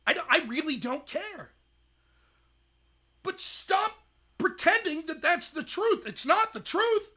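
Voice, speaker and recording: A young adult man hosting a livestream, ranting in rapid, emphatic commentary. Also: extremely high pitch, big pitch swings, bright, forceful tone. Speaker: host.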